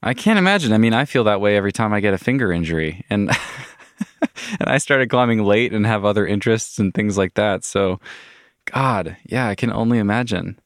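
Low-voiced man hosting an interview. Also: lively intonation, a little fast, no room sound, studio quality. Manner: engaged, reacts often, asks long questions. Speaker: podcast host. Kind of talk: casual interview chat.

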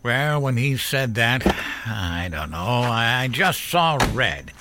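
An actor playing a gruff older war veteran father who tells a grim story in a blunt, profane way. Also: mid-range voice, big pitch swings, slow pace, noisy background. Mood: grim recollection. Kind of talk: audio drama storytelling.

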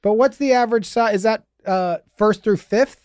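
A man's voice: sits high, moderate pace, a little mellow, smooth, no echo, studio quality. A man hosting an advice podcast, chatting casually with lots of joking banter. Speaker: podcast host. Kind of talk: casual chat.

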